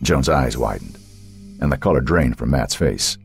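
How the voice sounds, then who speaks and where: A man narrating an audiobook with an expressive reading. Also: very deep voice, moderate pace, creaky, soft background music. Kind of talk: scripted narration.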